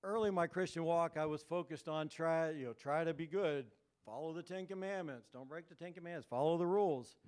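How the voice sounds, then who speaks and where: A man's voice: a little high, fairly quick, hardly any pauses, darkish tone, clear, resonant tone. A man preaching a casual, joking sermon, often checking in with the listeners. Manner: conversational, joking, asks the crowd "right?". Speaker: pastor.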